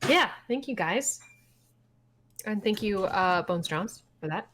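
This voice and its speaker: A woman's voice: mid-range voice, lively intonation, slow, a bit bright. A woman co-hosting a gaming stream, chatting casually and giggling as she plays. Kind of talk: casual chat and reading game dialogue aloud.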